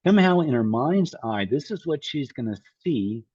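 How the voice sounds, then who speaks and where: A man's voice: medium pitch, big pitch swings, moderate pace, dark tone, husky, no room sound, dull audio. A middle-aged man, a Jungian analyst, giving an informal lecture, thinking aloud and often repeating or restarting his phrases.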